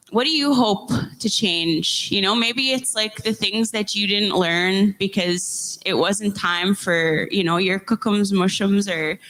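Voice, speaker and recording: Brief: young woman host, earnest and emotional, halting heartfelt storytelling. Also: medium pitch, fairly bright tone. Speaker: podcast host interviewing survivors. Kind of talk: heartfelt personal storytelling and questions.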